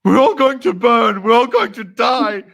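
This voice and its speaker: British-accented warrior, shrill, loud, frantic. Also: male voice, normal speed, vocal fry, full character voice. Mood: manic despair. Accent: put-on British. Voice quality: shrieking, wild. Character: unhinged British-accented male warrior, ranting about doom.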